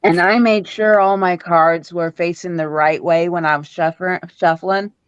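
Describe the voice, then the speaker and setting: A woman's voice: fairly low pitch, fairly even intonation, moderate pace, smooth, dry recording, highs cut off. A woman chatting casually as a tarot-reading co-host, rambling and repeating her words. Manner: rambling, repeats words, quotes people in little voices.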